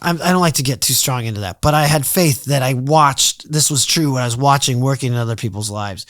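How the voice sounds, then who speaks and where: A middle-aged man guesting on a podcast tells his story in a casual, animated way, acting out his past thoughts and swearing freely. His mid-range voice is brisk, and the recording is dry.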